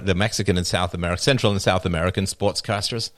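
A man's voice: deep voice, fairly quick, long pauses. A man hosting a live stream, riffing through a casual comedic monologue and laughing at his own jokes. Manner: animated, joking, often laughing at own jokes.

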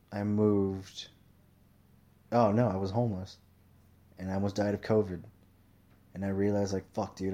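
A young man talking casually into a mic in a profane, rambling monologue, swearing constantly and telling animated stories. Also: on the low side. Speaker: commentator.

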